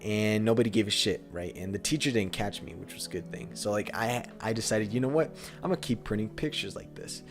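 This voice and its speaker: A man's voice: fairly low pitch, fairly quick, hardly any pauses, music in the background. A young man co-hosting a podcast, telling a story in a rambling, casual way with lots of fillers and bursts of laughter. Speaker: podcast co-host.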